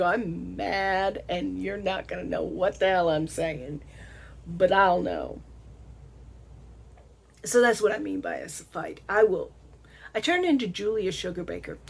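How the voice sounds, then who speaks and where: A middle-aged woman with a Southern American accent hosts a vlog, chatting casually to the camera in a medium-pitched voice that's gravelly and a bit rough. She laughs often and stretches out words slowly for emphasis.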